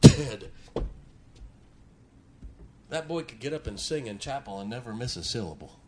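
A middle-aged preacher delivers a sermon in a church, telling homespun stories in a folksy drawl. His voice sits at an ordinary male pitch. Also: lively intonation, fast, background noise. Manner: folksy storytelling preacher, mimics stuttering. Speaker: pastor.

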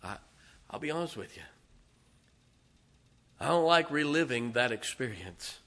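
A middle-aged man, a pastor, preaching a fervent sermon. He swings from booming declarations to hushed, intimate asides. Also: lively intonation, a little slow, pauses often. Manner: impassioned, emphatic preaching with repeated phrases.

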